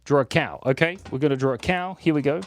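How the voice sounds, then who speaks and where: A man's voice: a little high, fast talker, a little hiss or hum. A man live-streaming himself drawing, chatting playfully and rambling with his viewers from his home in Australia. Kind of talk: casual livestream chat while drawing.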